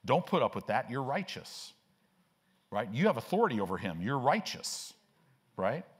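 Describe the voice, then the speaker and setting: An older male pastor preaching a sermon, animated, with frequent rhetorical questions. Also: mid-range voice, moderate pace, slightly rough.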